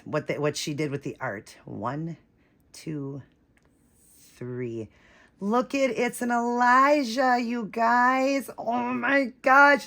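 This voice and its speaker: A woman vlogging an unboxing, gushing and breathless, shaky with excitement, repeating herself as she talks to viewers. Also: lowish voice. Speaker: vlogger unboxing a reborn doll.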